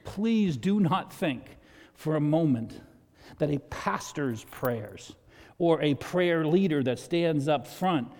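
Chatty pastor preaching in a reverberant hall. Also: male voice, expressive, takes it slowly. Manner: conversational preaching, swells loud and high for emphasis. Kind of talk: sermon. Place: church sanctuary. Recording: long reverb of a church hall.

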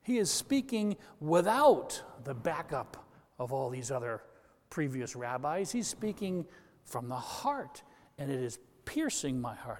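A man preaching a sermon as pastor, with animated delivery, quick asides and voices for the people he quotes. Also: medium pitch, long reverb tail.

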